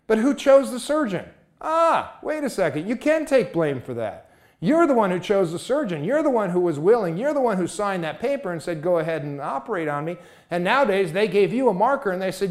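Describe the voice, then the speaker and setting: A man's voice: sits high, sing-song, brisk, a little mellow. A man giving a motivational talk, emphatic and full of rhetorical questions.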